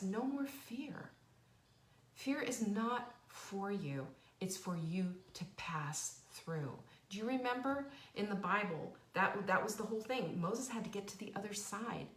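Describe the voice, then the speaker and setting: A woman hosts a motivational live stream, sharing a personal story and spurring viewers on with emotional, faith-filled encouragement. Her mid-range voice sounds reverberant.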